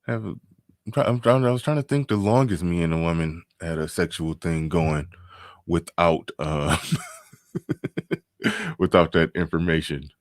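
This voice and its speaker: A man with a very low voice and speech hosts a live stream, riffing loosely. He repeats his phrases, chuckles between points and reads comments aloud. The sound is close and dry. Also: measured pace, long pauses, no room sound. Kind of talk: casual live-stream commentary reading chat.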